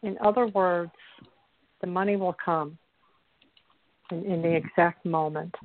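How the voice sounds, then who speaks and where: A woman from Newfoundland with a Newfoundland accent, giving calm, gentle spiritual advice on a call-in show. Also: fairly low pitch, measured pace. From Newfoundland, Canada. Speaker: spiritual show guest host. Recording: dry tinny phone line.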